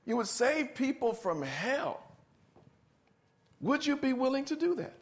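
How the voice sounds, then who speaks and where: A man's voice: extremely high pitch, sing-song, measured pace. A man preaching a sermon to a congregation, emphatic, asking them to answer back and repeating key phrases.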